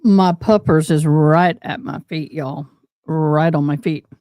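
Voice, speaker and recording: A woman's voice: sits low, slow pace, dark tone, no echo. A woman hosting a casual live stream, chatting and rambling to her viewers, calling them y'all. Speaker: livestream host commenting on court trials.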